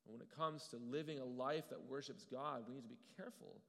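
A man's voice: medium pitch, fairly even intonation, quick pace, a bit bright, long reverb tail. A male pastor giving an earnest, conversational sermon, restarting words now and then.

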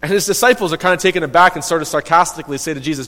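Man, pastor, sermon storytelling, emphatic, slightly high voice, echoing hall. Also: rapid-fire, pushed and bright. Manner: storytelling, voicing quoted characters, emphatic swells. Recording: long reverb of a hall.

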